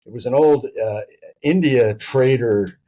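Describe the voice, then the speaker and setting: Mellow-voiced man explaining history. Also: mid-range voice. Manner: measured storytelling, frequent filler pauses. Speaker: author guest. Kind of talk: conversational history interview.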